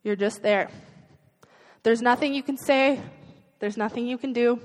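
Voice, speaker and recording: A woman's voice: a little high, steady tone, a little slow, in a large hall, rough recording. A woman preaching a sermon in an earnest, conversational way, asking rhetorical questions of her listeners.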